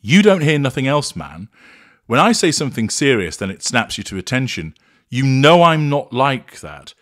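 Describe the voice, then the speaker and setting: A man's voice: mid-range voice, moderate pace, no echo, studio quality. A man reading out the words of an angry, blaming male partner, in his own voice with little acting. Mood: reading quotes. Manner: read flatly, barely acted.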